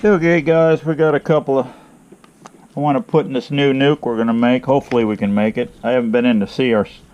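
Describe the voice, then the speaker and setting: A man's voice: mid-range voice, fairly even intonation, fast, darkish tone, lo-fi sound. A man from Michigan chatting casually to viewers in a folksy, rambling way as he mixes tea outdoors before working his bees. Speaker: beekeeper vlogger. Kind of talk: casual vlog chat. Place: outdoors in hot sun.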